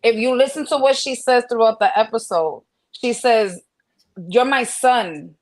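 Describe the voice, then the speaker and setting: A woman co-hosting a podcast, explaining her view at length in casual chat and thinking out loud. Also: a little high, normal speed. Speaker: podcast co-host.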